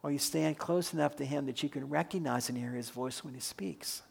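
A man delivering a sermon in an earnest, reflective way, asking the listeners questions to ponder. His voice sits a little high for a man and has a gravelly edge. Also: brisk. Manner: earnest, posing reflective questions and leading prayer. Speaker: pastor.

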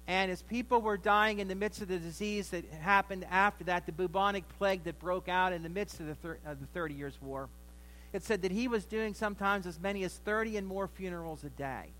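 High-voiced folksy male preacher. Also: a little fast, a bit bright, low-quality recording. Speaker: pastor. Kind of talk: Thanksgiving sermon.

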